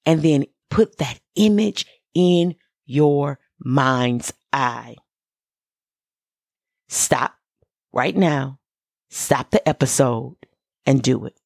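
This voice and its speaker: A woman's voice: extremely low pitch, extremely slow, gravelly, pauses often, darkish tone, dry recording, studio quality. A woman who is a minister, hosting a motivational podcast and speaking emphatically, repeating key phrases and giving direct instructions to listeners.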